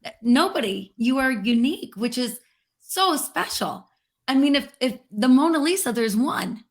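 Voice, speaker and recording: A woman interview guest talking in an earnest, reflective way, slowing down to stress key words. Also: high-pitched, lively intonation. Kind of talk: heartfelt interview conversation.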